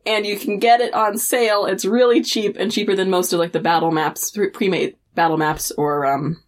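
An excitable woman chatting casually as a podcast co-host. Her voice sits at a middling height and leaps up into loud, laughing exclamations when she gets excited. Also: mid-range voice, normal speed. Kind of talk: casual chat.

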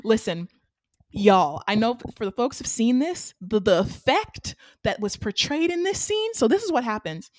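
A woman, co-hosting a casual anime recap chat and retelling scenes with excited, animated energy. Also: on the high side, moderate pace, dry recording, studio quality. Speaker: podcast co-host.

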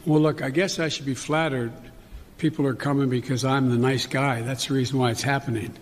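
Older man at a press podium, halting and folksy, long hall reverb on the clip. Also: mid-range voice, steady tone. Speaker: politician at press conference. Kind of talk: press conference answers.

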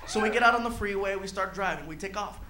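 A man telling a stand-up story in an animated way, chuckling through his own lines. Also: high voice, fast, reverberant, very noisy. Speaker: stand-up comedian.

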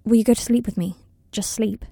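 A woman voicing a gentle, anxious young man who speaks quietly and hesitantly, in a storybook reading. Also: fairly high pitch, steady tone, a little fast, husky, no echo, clean studio sound. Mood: subdued.

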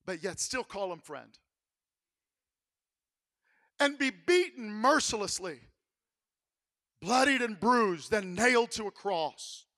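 A male pastor with a very high, bright voice preaches in a church sanctuary. He tells the story dramatically, dropping to a hush and then rising to a shout. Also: expressive, slow pace, long pauses. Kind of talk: sermon.

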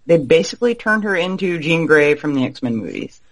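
A man's voice: a little high, big pitch swings, creaky, a little hiss or hum. A man co-hosting a podcast, giving blunt, opinionated takes on a movie. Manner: opinionated, blunt, quick to judge. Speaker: podcast co-host. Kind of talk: casual film discussion.

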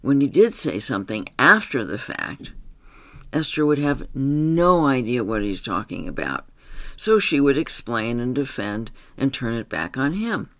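A male therapist reads out a story about one of his clients at a slow, unhurried pace. His delivery is calm and explanatory. The sound is close and dry, with no room echo. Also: medium pitch. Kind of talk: reading a written client story aloud.

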